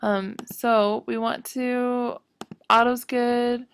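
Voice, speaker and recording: A woman's voice: on the high side, flat delivery, extremely slow, slight background noise. A woman teaching a screen-recorded web design tutorial, hesitant and full of ums as she thinks aloud while clicking.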